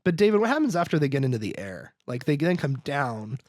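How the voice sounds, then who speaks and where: A man's voice: fairly high pitch, sing-song, a little fast, no room sound, studio quality. A man hosting a podcast, recapping a film in rambling casual chat packed with "like" and acted-out quotes. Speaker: podcast host.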